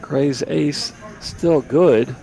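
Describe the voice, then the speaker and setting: A man's voice: a little high, very slow, creaky, warm tone. A man giving easygoing, chatty live commentary on a poker table from a booth. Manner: chatty, easygoing, repeats words. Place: commentary booth at a card room.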